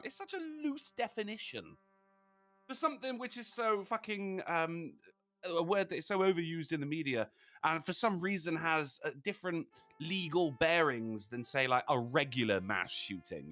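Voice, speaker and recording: A man co-hosting a foul-mouthed comedy chat who rants and tosses off crude one-liners. His voice is bright and sits a bit high, with lively pitch swings. Faint music runs behind him. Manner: crude, ranting, quick jokes. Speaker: podcast co-host.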